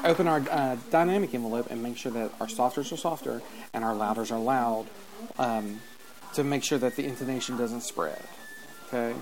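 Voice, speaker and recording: A man giving live spoken feedback as a music judge, halting with many fillers and singing rhythms out as syllables. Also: medium pitch. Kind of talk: live spoken adjudication over a performance. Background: loud marching band music.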